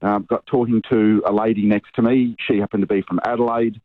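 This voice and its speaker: A man's voice: on the low side, little pitch movement, a little fast, no echo. A man calling in to a radio show, telling a story hesitantly with many ums. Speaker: caller. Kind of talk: phone-in story. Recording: phone line.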